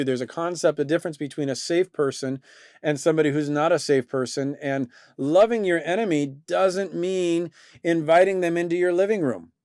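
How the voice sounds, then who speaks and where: Earnest high-voiced man hosting a talk. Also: clean tone, no echo, studio quality. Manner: earnest, thoughtful, with frequent restarts. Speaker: host. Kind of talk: faith-based discussion show.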